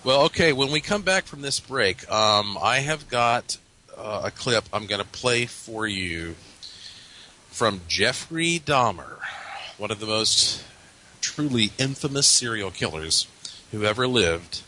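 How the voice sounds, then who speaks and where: A man's voice: lowish voice, animated, measured pace, pushed and bright, slight background noise, low-quality recording. A man hosting a talk show, musing aloud in a reflective, hesitant way. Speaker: podcast host. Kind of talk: casual chat.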